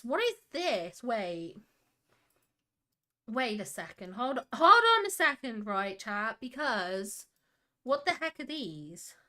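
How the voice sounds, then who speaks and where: A woman's voice: fairly high pitch, sharp tone. A young woman hosting a casual livestream, reading chat and gushing over screenshots with frequent giggles. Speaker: livestream host.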